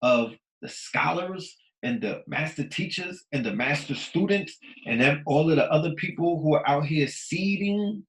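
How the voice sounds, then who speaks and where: A man in his thirties hosting a podcast, talking in a casual, preachy monologue that swings from loud emphatic bursts to low mutters. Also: reverberant, poor audio. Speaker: podcast host.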